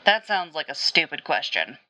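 A woman voicing a stoic, blunt male armored warrior in a fan fiction audiobook, speaking in a flat, terse way. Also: low voice, normal speed, exaggerated voice, low-quality recording.

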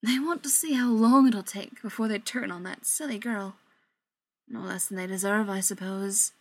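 A woman voicing a condescending male vampire elder in an audiobook, speaking in a slow, mocking drawl. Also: medium pitch, no echo, natural voice.

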